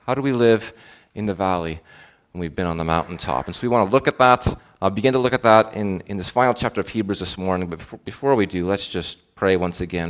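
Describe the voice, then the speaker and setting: A man's voice: deep voice, quick pace. A male pastor preaching a sermon in an earnest, questioning way, with frequent fillers and restarts.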